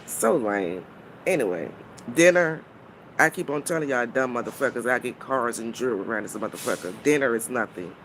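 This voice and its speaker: Against a noisy background, a foul-mouthed woman rants briskly and animatedly on her live stream, her pitch leaping around as she scolds and mocks with blunt profanity. Every so often she greets chat viewers, then returns straight to her argument.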